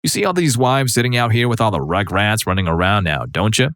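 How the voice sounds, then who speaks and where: A man voicing a huge, gruff biker who swears and teases with mock threats. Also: lowish voice, a little fast, a bit bright, no echo, clean studio sound, natural voice. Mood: teasing.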